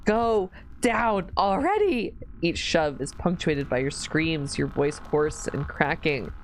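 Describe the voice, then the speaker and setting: A woman streamer reading a horror visual novel aloud, slow narration broken by squealing, disgusted reactions. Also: sits low, steady tone, rough recording. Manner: reads narration slowly, then breaks into squealing disgusted reactions and laughs. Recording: faint music behind the voice.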